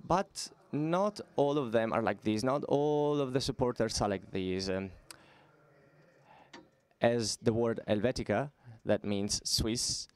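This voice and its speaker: A man giving a live interpretation of a stage talk, halting often, his voice at an ordinary pitch. He pauses on fillers and restarts his sentences as he goes. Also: darkish tone, clean tone.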